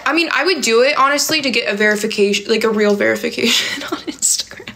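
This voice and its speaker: A woman's voice: fairly high pitch, fast talker, vocal fry, sharp tone, slight background noise. A young woman chatting on a livestream, reading viewer comments aloud and answering them in a rambling way, with lots of "like" and "um". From California. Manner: rambling and filler-heavy, many "like" and "um". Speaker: livestream host.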